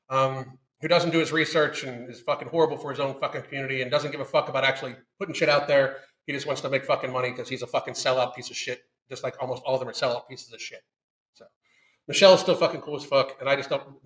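A man's voice: medium pitch, a bit bright. Ranting blunt man in an echoey room. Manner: blunt, ranting, heavy swearing. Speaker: livestream host answering viewer questions. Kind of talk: casual profane live chat.

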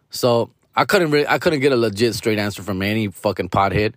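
A man's voice: on the low side, brisk, fairly bright tone, dry recording, studio quality. A man hosting his own comedy podcast, telling a rambling, profane story and calling his listeners fool and bro. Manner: loose, rambling, heavy swearing, calls listeners fool and bro. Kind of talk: casual profane storytelling monologue.

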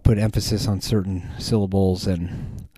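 A man's voice: low voice, flat delivery, moderate pace, mellow, dry recording. A man hosting a podcast, chatting casually in a rambling way with many ums and restarts. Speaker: podcast host. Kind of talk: casual chat.

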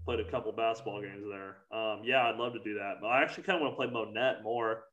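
A man's voice: fairly low pitch, fast talker, a bit bright, dull audio, slight background noise. Rambling casual man in chat. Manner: rambling, lots of "like" fillers.

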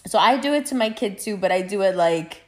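Animated, swearing woman chatting casually. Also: mid-range voice, fairly quick. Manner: animated, profane, laughs often while telling stories. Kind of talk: casual chat.

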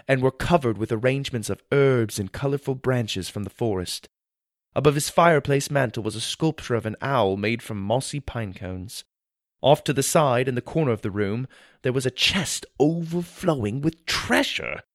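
A man's voice: mid-range voice, normal speed, no echo. Guy reading a kids fantasy story first person, voice swings all over, dry close sound. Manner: expressive, wonder-filled storytelling. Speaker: narrator.

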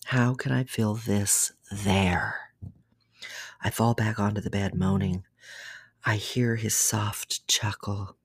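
A breathy, hushed storyteller in a whispered role-play reading that keeps slipping into an unvoiced whisper. The pitch sits in the middle, and the sound is close and dry. Small slips and restarts mark the narration. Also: steady tone, slow, dry recording. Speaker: podcast storyteller.

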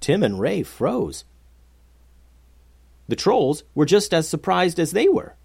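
Slow, expressive storyteller. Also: mid-range voice, vocal fry, slightly rough, no room sound. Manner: animated, expressive. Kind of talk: children's story narration.

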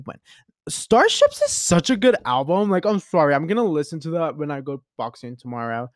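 A man hosting a podcast, talking alone in a rambling, chatty and expressive way. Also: a little high, brisk, no room sound, clean studio sound. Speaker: podcast host. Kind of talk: casual solo monologue.

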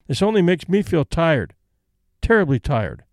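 A man reading as a brisk elderly lady. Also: on the high side, big pitch swings, no room sound, clean studio sound. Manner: brisk, composed, decisive. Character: elderly invalid Englishwoman, brisk and practical.

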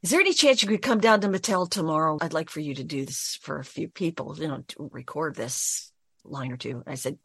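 A woman's voice: low-pitched, a little fast, husky, no room sound, clean studio sound. A middle-aged woman, a voice actress, telling an anecdote in an interview, acting out the lines she quotes. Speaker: voice actress, guest. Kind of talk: storytelling interview.

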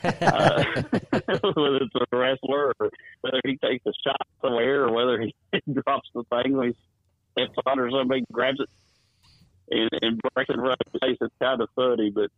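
A man's voice: medium pitch, fairly even intonation, normal speed, dry recording. Rambling man on a phone line. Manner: rambling, chuckling storyteller. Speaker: wrestling promoter. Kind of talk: phone-in interview storytelling. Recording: tinny dry phone line.

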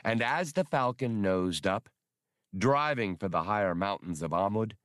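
A man reads an audiobook in a low voice. His pitch rises and falls a great deal as he tells the story. The recording is dry and close. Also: lively intonation, unhurried, a bit bright, no room sound. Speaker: audiobook narrator. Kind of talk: audiobook reading.

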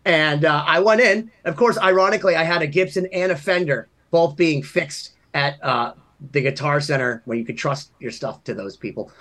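A man's voice: on the high side, moderate pace, fairly bright tone. A man from Massachusetts, a podcast co-host, telling rambling, self-deprecating anecdotes in casual chat. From Massachusetts, USA.

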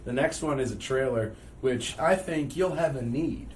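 A man hosting a casual podcast, telling stories with frequent loud laughter. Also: medium pitch, moderate pace. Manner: loud laughing, animated storytelling. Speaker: podcast host. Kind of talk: casual chat. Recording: distant mic, faint noise.

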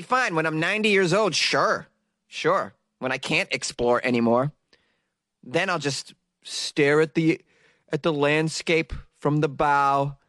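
A man's voice: a little high, a bit bright, no room sound, studio quality. A man hosting a comedy news podcast, rambling jokily and often laughing at his own remarks. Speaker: podcast host. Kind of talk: casual comedic news commentary.

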